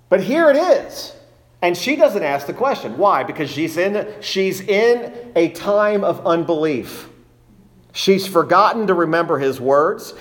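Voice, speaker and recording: A man preaching a sermon as pastor, emphatic, repeating key phrases and asking rhetorical questions. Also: a little high.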